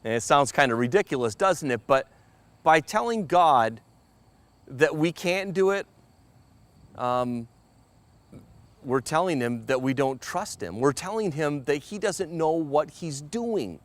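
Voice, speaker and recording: Man, preacher, sermon, earnest, stammers, high voice. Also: expressive, measured pace, long pauses.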